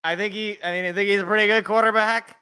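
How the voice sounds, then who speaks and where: A young man with a high, bright, fairly tense voice hosts a casual live reaction stream. He talks loosely, thinks out loud and chuckles to himself between remarks. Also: steady tone, fast talker, clear, resonant tone.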